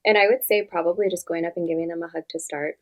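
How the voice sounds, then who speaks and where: A woman's voice: lowish voice, fairly even intonation, fast talker, low-quality recording. A woman therapist talking as a podcast guest, giving direct, earnest advice and often saying "like". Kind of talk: podcast interview conversation.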